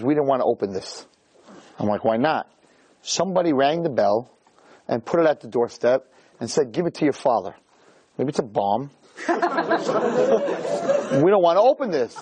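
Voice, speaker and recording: A middle-aged man giving a jokey, animated storytelling talk as a rabbi, peppering it with "right?". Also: medium pitch, husky. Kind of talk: storytelling lecture.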